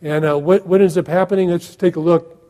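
A man's voice: sits high, steady tone, fast, mellow. A man preaching a sermon in a conversational way, asking his listeners questions and making sarcastic asides. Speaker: pastor.

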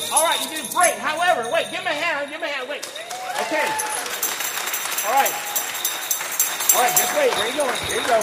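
A man's voice: very high-pitched, fairly quick, long pauses, a loud crowd, heavy background noise. A man leading a children's Christmas program on a church stage, upbeat and coaxing, teasing the kids as he goes. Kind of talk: lively emcee talk to children on a stage.

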